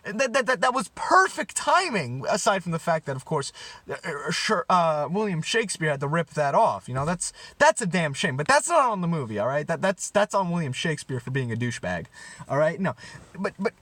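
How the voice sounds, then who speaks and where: A young man rants in a mock-serious comedy style, tripping over his words and breaking into sarcastic outbursts. His voice sits a bit high and swings widely in pitch. The sound is dry and close. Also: sing-song, brisk, fairly bright tone, no echo. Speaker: comedy vlogger. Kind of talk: mock-serious rant to camera.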